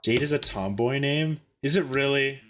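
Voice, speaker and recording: A man's voice: mid-range voice, normal speed, fairly bright tone, faint music behind. A young man streaming a game and defensively joking back at his chat. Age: young adult. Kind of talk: casual live-stream chat.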